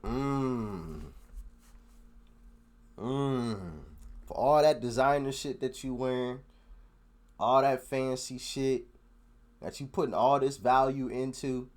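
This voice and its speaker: A man hosting a reaction video in casual commentary, excitable and often repeating himself as he talks to viewers. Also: mid-range voice, slow, long pauses.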